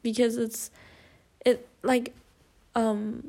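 On her own casual podcast, a young woman speaks in a slightly high, mellow, level voice, drawing out her words. Her emotional, confessional talk rambles along with lots of fillers, restarts, and self-corrections, and she laughs often.

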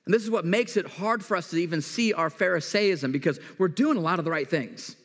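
A man's voice: sits high, fairly quick, fairly bright tone, big-room sound. A man preaching a sermon as pastor, talking in a conversational way with everyday examples and questions to the kids in the room.

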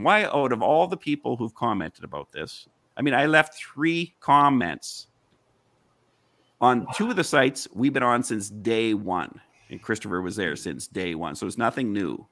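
A man pressing his point in a heated online discussion, his voice gravelly and full of swings in pitch. He talks insistently and piles up rhetorical questions. The sound is close and dry. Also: fairly bright tone, no room sound.

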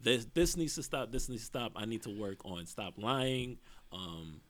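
A man's voice: on the low side, normal speed, fairly bright tone. A man talking casually with friends, reflecting on his own habits. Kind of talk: casual group chat.

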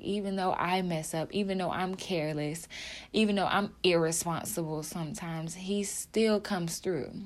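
A young woman speaks to her viewers about faith in a low-pitched, emotional voice. Her talk is heartfelt and casual, full of fillers and repeated phrases. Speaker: video creator.

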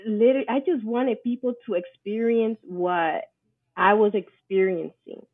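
A woman guest telling her faith story in casual chat, animated and acting out the voices of people she quotes. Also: medium pitch, moderate pace. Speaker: podcast guest. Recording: tinny phone-like line.

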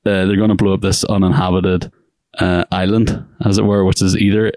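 Deep-voiced man retelling a movie. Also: level tone, a little fast, a little mellow, no echo, studio quality. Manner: rambling, laughs often, acts out quotes. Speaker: podcast co-host. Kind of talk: casual movie chat.

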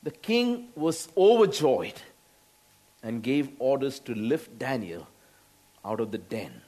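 A man with an Indian English accent preaching a sermon, slow, with frequent laughs and exclamations. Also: mid-range voice, big pitch swings, warm tone.

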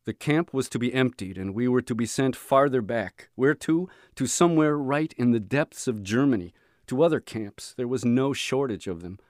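A man reading a book aloud as an audiobook for his students, measured and earnest. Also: medium pitch, lively intonation, dry recording, clean studio sound.

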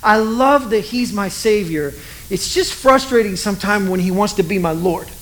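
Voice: medium pitch, animated, moderate pace, a bit bright, slight background noise, poor audio. Conversational, self-mocking preacher. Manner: conversational, self-deprecating, storytelling. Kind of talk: sermon.

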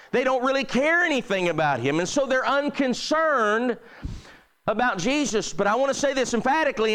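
A man with a high voice preaching a sermon. He delivers it emphatically and repeats his points. His pitch swings from high to low. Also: a bit bright.

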